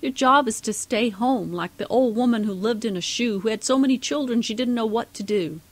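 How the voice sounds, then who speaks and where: A woman's voice: fairly high pitch, fairly quick, pitched above the performer's own voice, lightly acted. A woman voicing an ugly one-eyed male troll who growls bullying threats. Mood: scornful.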